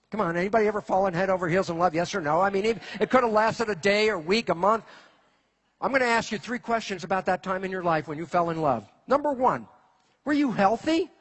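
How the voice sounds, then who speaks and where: Husky, high-voiced man lecturing a crowd. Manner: animated, asks the audience rhetorical questions. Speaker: speaker giving a lecture. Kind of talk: lecture to a live audience. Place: in front of an audience.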